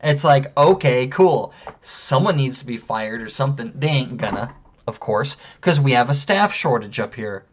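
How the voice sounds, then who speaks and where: A man's voice: mid-range voice, expressive, moderate pace, lo-fi sound, a little hiss or hum. A man telling a story in an angry, profane rant, heated and indignant. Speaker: vlogger.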